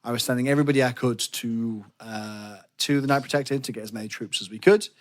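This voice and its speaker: A man's voice: medium pitch, fairly even intonation, fast talker. A British man co-hosting a podcast, casually talking through his plans at a live-action role-play event. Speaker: podcast co-host. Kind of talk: casual chat about a larp event.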